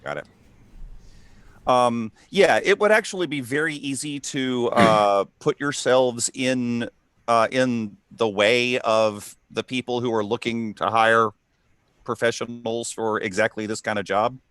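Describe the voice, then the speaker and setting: A man's voice: mid-range voice, a little slow, fairly bright tone, clear, resonant tone, no room sound. A man running a tabletop role-playing game as game master, talking with frequent ums and uhs. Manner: hesitant, lots of ums and uhs.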